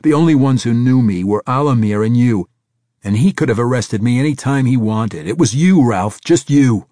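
A man reading a novel aloud and voicing a terse, hard agent on the run, flat and clipped. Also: low-pitched, normal speed, breathy edge, no room sound, clean studio sound, full character voice. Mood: tense. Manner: flat and terse, rising to shouting.

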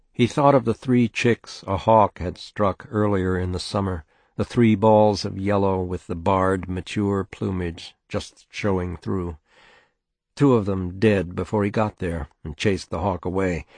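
A man reading a short story aloud in a steady, measured way. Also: low voice, dry recording. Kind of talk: scripted narration of a short story.

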